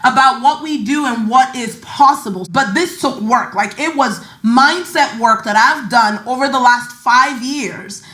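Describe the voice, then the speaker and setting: A woman's voice: on the high side, bright, forceful tone, roomy sound. A woman with a slight Nigerian accent hosting a podcast, giving an emphatic, chatty motivational talk about money and mindset. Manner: emphatic, chatty, repeats words for stress. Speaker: podcast host and finance coach.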